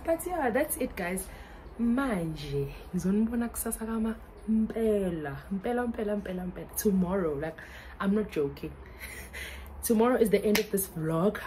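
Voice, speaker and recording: Excitable South African woman vlogger. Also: medium pitch, slight background noise, poor audio. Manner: excitable, laughs often, mixes English and Zulu. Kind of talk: casual vlog chat.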